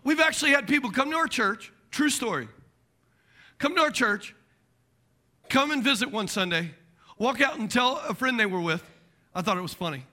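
Man, pastor, middle-aged, very high voice, sermon, animated, jokey, acts out voices. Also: moderate pace, long pauses.

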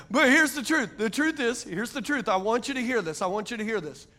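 A middle-aged man preaching a sermon as pastor, energetic and fervent, often dropping to a hushed aside. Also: high-pitched.

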